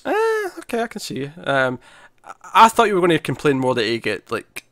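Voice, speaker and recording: A man's voice: on the high side, wildly swooping pitch, moderate pace, a bit bright, no echo, studio quality. A man co-hosting a podcast in casual chat, chatty and laughing often, acting out quotes as he talks. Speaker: podcast co-host.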